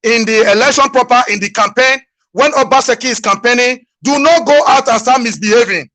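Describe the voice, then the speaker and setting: Earnest Nigerian man, fairly high voice. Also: a little fast, pushed and bright. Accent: Nigerian English. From Edo State, Nigeria. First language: Edo. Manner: earnest, pleading, repeats himself for emphasis. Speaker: guest, diaspora community leader. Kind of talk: earnest appeal to his community.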